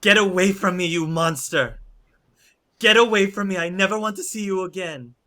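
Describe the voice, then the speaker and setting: A man voicing a frightened, furious young woman in a tabletop game, shrieking in a high voice. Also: normal speed. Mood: screaming, furious. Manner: shrieking, high-pitched and loud.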